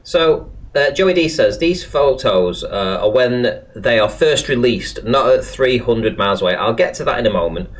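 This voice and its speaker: Lively man hosting a stream. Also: medium pitch, moderate pace, few pauses. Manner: lively, questioning, animated. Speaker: stream host. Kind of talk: livestream debate, reading chat aloud.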